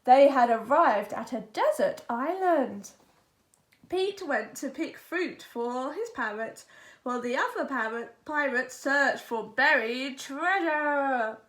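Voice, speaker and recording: Animated high-voiced woman reading a storybook. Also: slow. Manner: animated, expressive read-aloud. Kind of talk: reading a children's picture book aloud. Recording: echoey room.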